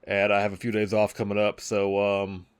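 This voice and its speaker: Laid-back low-voiced man commentating a game. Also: completely flat delivery, clean tone. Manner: rambling, laid-back, drawn-out fillers. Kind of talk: casual gameplay commentary.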